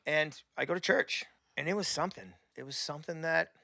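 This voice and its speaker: A middle-aged Canadian man tells stories as a podcast guest, with a higher, bright voice and a gravelly edge. He is animated and slips into quoted voices mid-story. The sound is close and dry. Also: a little fast, no room sound. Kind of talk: casual chat.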